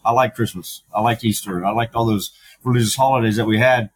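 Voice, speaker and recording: A man's voice: fairly low pitch, steady tone, fast, a little hiss or hum, rough recording. A middle-aged man, a podcast guest, telling his story candidly, with frank, profane talk full of fillers and restarts.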